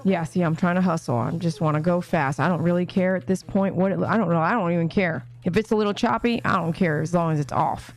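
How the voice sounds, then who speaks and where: A woman's voice: fairly low pitch, quick pace, few pauses. Chatty woman groomer hosting a watch party. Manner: chatty, reads viewer comments aloud, teasing. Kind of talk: casual live-stream chat.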